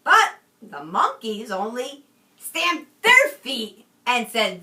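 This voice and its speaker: A woman teacher reads a picture book aloud to her class, pausing often to ask the children questions. Her voice is high, bright and very lively, and she takes her time. The recording sounds roomy and a little far off. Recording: roomy, from a distance.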